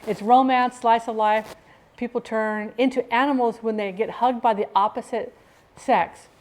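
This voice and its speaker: A woman's voice: a little high, fairly even intonation, moderate pace, a little mellow. Chatty, upbeat middle-aged woman streamer. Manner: chatty, upbeat, laughs often. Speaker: live streamer. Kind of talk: casual live-stream chat.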